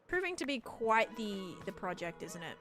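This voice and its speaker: A woman's voice: mid-range voice, sing-song, moderate pace, a bit bright, soft background music. A woman from Australia with an American accent that has Australian traces, chatting casually on a livestream while building in a game, rambling with lots of fillers.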